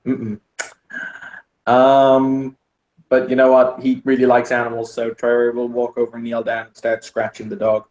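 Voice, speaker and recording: Dry, flat-voiced man player. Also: medium pitch, reverberant. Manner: deliberate, dry and wry. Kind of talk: tabletop role-play.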